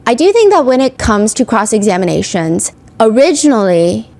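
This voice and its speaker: A woman hosting a podcast, giving casual commentary on a courtroom trial, chatty and animated, filling her talk with "like". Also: a little high, moderate pace. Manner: chatty, heavy use of "like"; animated, emphatic retelling. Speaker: podcast host. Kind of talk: casual true-crime commentary.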